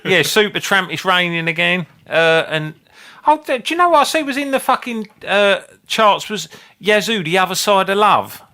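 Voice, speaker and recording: A man's voice: high-pitched, sing-song, moderate pace, pushed and bright. A man, co-hosting a casual comedy podcast in a blunt, sweary, rambling way. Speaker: podcast co-host.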